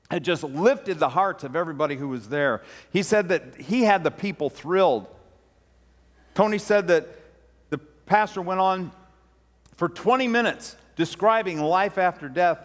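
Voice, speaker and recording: In a church sanctuary with a long reverb tail, a pastor preaches a sermon and tells a story. His voice sits high, and he slips into the voices of the people he quotes, building in intensity.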